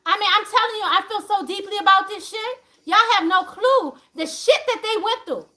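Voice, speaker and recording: A woman's voice: extremely high pitch, normal speed, bright, forceful tone. A woman hosting a livestream talk to viewers, emphatic and profane, laughing often as she preaches. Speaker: spiritual channel host.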